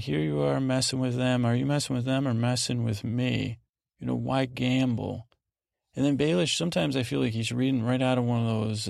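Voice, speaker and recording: Monotone gravelly-voiced man rambling. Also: mid-range voice, no room sound, clean studio sound. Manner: meandering, halting, full of fillers; paraphrases scenes in casual voices. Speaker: podcast host. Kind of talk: rambling sleepy recap.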